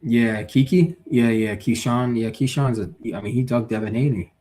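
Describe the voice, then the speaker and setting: A man's voice: medium pitch, moderate pace. A man hosting a live stream, talking casually and with strong opinions, reading out viewer comments and arguing his points. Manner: animated, opinionated, reads chat aloud. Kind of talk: casual live boxing talk.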